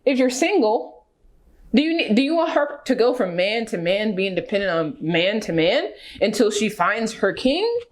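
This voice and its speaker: A woman vlogger giving casual reaction commentary, emphatic and animated, full of rhetorical questions. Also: medium pitch, normal speed.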